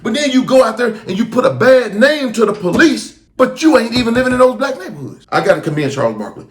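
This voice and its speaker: With a very high, sing-song voice and a fast pace, this middle-aged host of a street talk channel gives emphatic, sermon-like commentary. Echo from the room surrounds his impassioned delivery.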